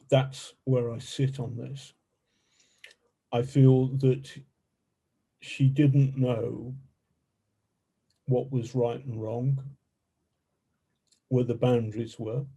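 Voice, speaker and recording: A man guesting as a journalist on a podcast, talking in a halting way with many fillers and restarts. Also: mid-range voice, flat delivery, vocal fry, warm tone, slightly rough. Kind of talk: podcast interview.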